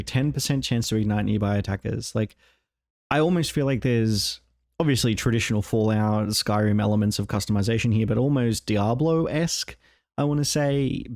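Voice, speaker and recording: Excitable Australian man, dry close sound. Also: mid-range voice, no room sound. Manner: enthusiastic, rambling, fond of "like". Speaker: gaming video host. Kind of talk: excited trailer breakdown commentary.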